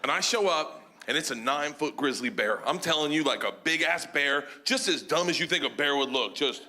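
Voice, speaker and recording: A stand-up comedian on stage tells a rowdy story in a high-pitched voice. He is loud and animated, and he shouts his punchlines. Clear room noise and laughter from the crowd sit behind him in a live recording. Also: a little fast. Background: audience laughter.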